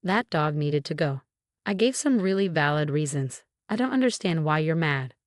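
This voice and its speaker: A woman's voice: low-pitched, lively intonation, normal speed, dry recording, clean studio sound. A woman voicing a bossy, self-pitying mother-in-law. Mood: indignant. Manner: indignant, complaining.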